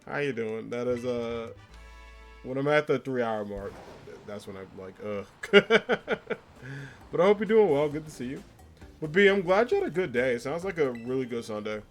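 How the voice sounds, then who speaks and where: A man's voice: medium pitch, animated, normal speed. Chatty male streamer, faint music behind. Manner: chatty and rambling, laughs often, fillers like "like" and "um"; reads viewer comments aloud and answers them. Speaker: live streamer playing a video game. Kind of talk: casual live-stream chat with viewers. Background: faint game music.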